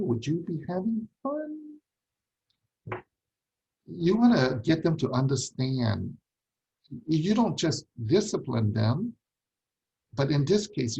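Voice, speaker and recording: A man's voice: a little high, dark tone, husky, low-quality recording. A man teaching a ministry class on parenting, emphatic, repeating key points and asking rhetorical questions.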